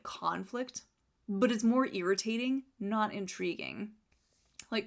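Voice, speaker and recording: A young woman reviewing a book she dislikes, sarcastic and exasperated, often reading passages aloud. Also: high voice.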